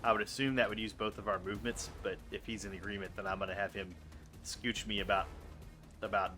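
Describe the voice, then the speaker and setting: Man, low pitch, bright sharp tone, hesitant planner, tabletop player. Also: steady tone, fast, faint music behind. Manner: thinks aloud, hesitant planning. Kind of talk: tabletop game play.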